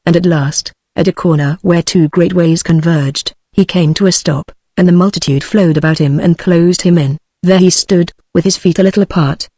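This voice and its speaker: A text-to-speech voice reading a novel aloud as an audiobook narrator, with an even synthetic delivery. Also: medium pitch, no room sound. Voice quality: synthetic, evenly paced machine voice.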